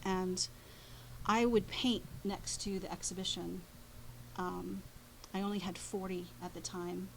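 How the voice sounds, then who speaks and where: A woman painter, a guest in an interview, telling a story in a halting way, with many pauses and restarts. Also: on the low side, fairly even intonation, creaky, noisy background.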